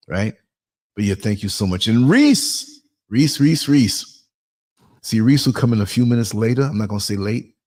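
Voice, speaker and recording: A man's voice: fairly low pitch, lively intonation, normal speed, darkish tone, slightly rough. Man, livestream host, chatty, laughs a lot, reads chat. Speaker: podcast host. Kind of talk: casual livestream talk.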